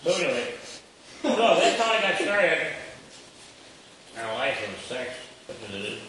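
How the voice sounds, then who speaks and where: Older man telling a chuckling, rambling story. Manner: chuckling, self-amused, squeals into high voices for quoted characters. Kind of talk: rambling comic storytelling to a live audience. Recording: echoey room, mic from far off, noisy background.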